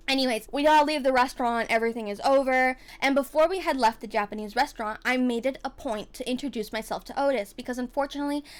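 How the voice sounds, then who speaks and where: Young-sounding high-pitched female vlogger; chatty, animated storyteller who swears freely. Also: clear, resonant tone. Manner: chatty, constant "like" fillers, frequent swearing; animated, swings between loud outbursts and soft muttering. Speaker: streamer telling a storytime. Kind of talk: casual storytime vlog.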